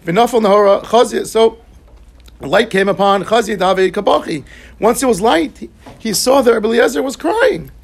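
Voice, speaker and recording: Gravelly high-voiced man teaching Talmud. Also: lively intonation, normal speed. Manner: explains Aramaic text line by line in English, yeshivish terms. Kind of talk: Talmud class lecture.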